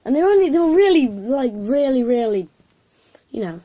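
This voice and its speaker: A woman's voice: sits high, very animated, brisk, dull audio. A woman, casually telling a story to camera in a rambling way with lots of fillers and restarts.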